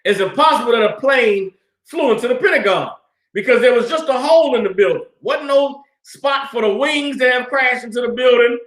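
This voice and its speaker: A high-pitched man in his thirties tells stories to a class in a loose, colloquial way. He is animated and acts out the voices of the people in his stories. His voice carries a roomy echo. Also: brisk. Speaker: class speaker. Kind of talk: casual storytelling in a class.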